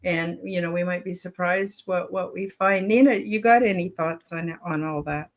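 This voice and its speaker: A woman in her seventies hosting a panel over a video call, talking in a rambling, halting way with lots of fillers and restarts. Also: lowish voice. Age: 70s. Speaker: show host. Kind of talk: casual panel chat.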